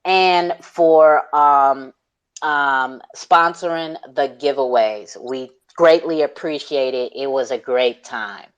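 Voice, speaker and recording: A man's voice: medium pitch, takes it slowly, fairly bright tone, smooth, highs cut off. A man hosting a live online audio call, talking in hyped, slangy casual chat, laughing often and swearing freely. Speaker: host.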